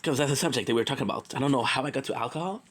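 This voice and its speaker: A man's voice: medium pitch, very fast, rough recording. A man from Quebec, Canada, rambling through a joking, tangent-filled casual monologue and swearing freely. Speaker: streamer.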